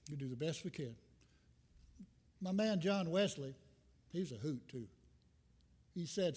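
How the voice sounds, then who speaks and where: An older man delivers a loose, folksy sermon, drifting between thoughts with self-deprecating humor. His voice sits a little high for a man. It rings out with a long reverb through a church sanctuary. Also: animated, moderate pace, pauses often, darkish tone, husky. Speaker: visiting minister. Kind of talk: informal sermon.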